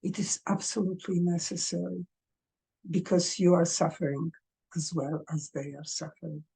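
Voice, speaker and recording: A woman coaching parents in a gentle, earnest advice talk, speaking English as a second language. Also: on the low side, level tone, normal speed, vocal fry, husky.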